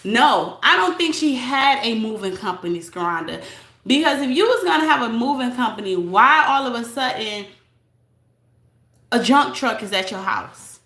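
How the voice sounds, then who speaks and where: A woman's voice: a little high, expressive, normal speed, sharp tone, reverberant. A woman hosting a casual live stream, talking straight to her viewers in a chatty, blunt way and reading their comments aloud. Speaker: livestream host reading chat.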